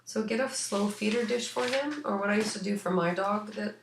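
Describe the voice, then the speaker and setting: A woman's voice: mid-range voice, fairly quick, vocal fry, noisy background. A woman giving a casual spoken pet reading as an animal psychic, chatty and rambling with lots of ums and restarts, a little sneezy. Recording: echoey room.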